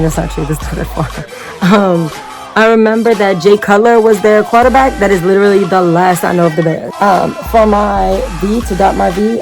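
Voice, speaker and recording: A woman's voice: mid-range voice, vocal fry, poor audio. A woman chatting casually and rambling through a makeup tutorial, talking straight to her viewers as y'all. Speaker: makeup vlogger.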